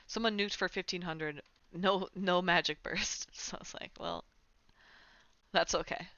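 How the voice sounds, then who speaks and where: A woman's voice: lowish voice, steady tone, a little slow, fairly bright tone, no room sound. A young woman streamer in casual chat, rambling with lots of fillers, on a dull lo-fi home mic. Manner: chatty, rambling, full of "like" fillers. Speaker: game streamer.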